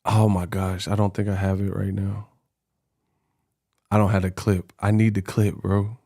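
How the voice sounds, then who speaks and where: A man's voice: lowish voice, flat delivery, moderate pace, warm tone. A young man giving casual boxing commentary, slangy and laughing often, calling listeners bro and y'all. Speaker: boxing vlogger.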